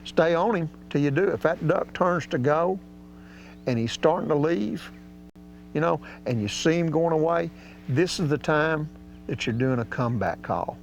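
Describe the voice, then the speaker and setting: A man's voice: fairly high pitch, expressive, moderate pace, vocal fry. A man teaching duck calling in a folksy, drawling way. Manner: folksy and drawling, with casual grammar. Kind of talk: outdoor hunting instruction. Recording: slightly dull audio with faint hum.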